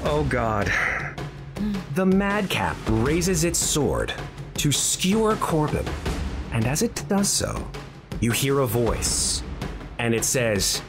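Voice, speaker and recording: A man narrating a tabletop game as dungeon master, playful and animated, with music behind. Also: medium pitch, slow pace, long pauses. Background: background music.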